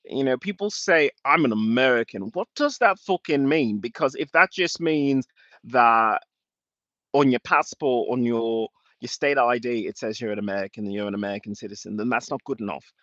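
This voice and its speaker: A man's voice: medium pitch, moderate pace, fairly bright tone, no echo. Emotional ranting male livestreamer. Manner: emotional, ranting, swears often. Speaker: livestreamer answering chat. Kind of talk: rambling live-stream talk. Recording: dull lo-fi dry sound.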